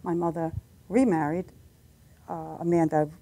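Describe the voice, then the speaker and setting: A woman's voice: fairly low pitch, little pitch movement, measured pace, mellow, a little hiss or hum. A middle-aged woman, a singer, telling stories in a casual interview chat and acting out the voices in her anecdotes. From United States. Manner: chatty storyteller, acts out voices in anecdotes. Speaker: singer and guest.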